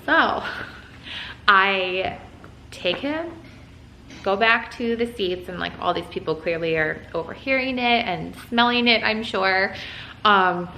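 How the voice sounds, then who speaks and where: A woman's voice: medium pitch, lively intonation, slow pace, long pauses, bright, forceful tone, roomy sound, a little hiss or hum, low-quality recording. A young woman vlogger casually telling a story at home while folding laundry, full of "like" and "um". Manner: chatty, lots of "like" and "um". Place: room at home.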